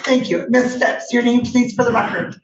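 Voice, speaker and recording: A woman judge briskly reviewing a case for the record. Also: fairly high pitch, slight background noise. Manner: brisk, procedural. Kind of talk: court hearing. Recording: echoey, dull, distant courtroom audio.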